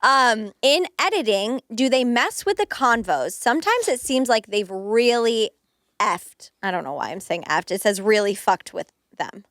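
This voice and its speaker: A woman co-hosting a casual podcast asks questions in a lively, up-and-down voice, pitched a little high. She keeps chiming in with short affirmations. The sound is close and dry. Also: unhurried, no echo. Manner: chatty, frequent short affirmations. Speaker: podcast co-host asking questions. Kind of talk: casual chat.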